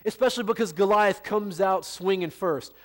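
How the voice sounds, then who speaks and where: A man preaching a Sunday sermon with a somewhat high voice. He tells the story in an easy, folksy way, with plenty of asides to the people listening. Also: moderate pace, a bit bright. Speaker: pastor.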